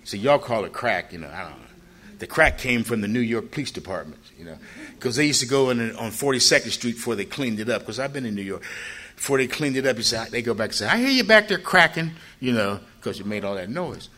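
An older man from Ohio telling his own story in a loose, rambling way, jumping his voice up high when he acts out what people said. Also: fast talker. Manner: animated, acts out quoted people with a raised voice; loose, rambling with frequent "you know" asides. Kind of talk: personal storytelling.

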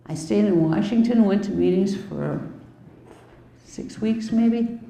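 A woman's voice: mid-range voice, slow pace, vocal fry, warm tone, reverberant, poor audio. A woman in her fifties from the US Midwest, candidly telling her recovery story in a conversational way with wry asides. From Milwaukee, US Midwest. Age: 50s. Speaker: recovery speaker. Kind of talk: personal recovery testimony.

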